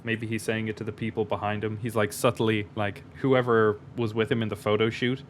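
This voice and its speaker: A man co-hosting a podcast in casual chat, chatty and playful and quick to laugh. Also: lowish voice, level tone, a little hiss or hum. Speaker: podcast co-host.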